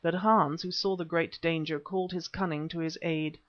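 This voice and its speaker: A man narrating an adventure audiobook in a measured, first-person storytelling manner. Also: a little high, fairly even intonation. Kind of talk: scripted narration. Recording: dull lo-fi recording.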